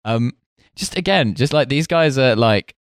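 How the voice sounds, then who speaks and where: A man's voice: medium pitch, lively intonation, unhurried, smooth, no echo, studio quality. A man co-hosting a casual comedy history podcast, reading from notes and breaking off into jokey asides. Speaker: podcast co-host.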